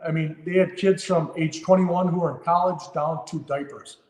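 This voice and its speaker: A man's voice: a little high, steady tone, moderate pace, a little mellow. Fifties guy telling a firefighter story, earnest, lots of ums and restarts, roomy echo with long reverb. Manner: earnest, heartfelt storytelling with frequent fillers and restarts. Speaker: firefighter guest. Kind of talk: podcast interview storytelling.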